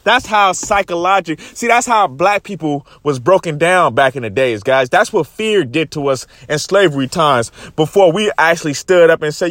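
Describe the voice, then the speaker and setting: A man's voice: on the high side, expressive, moderate pace, few pauses, a bit bright, dry recording, studio quality. Fired-up, profane man talking into a phone. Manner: profane, fired-up, repeatedly addresses "guys". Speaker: vlogger. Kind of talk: passionate storytelling monologue.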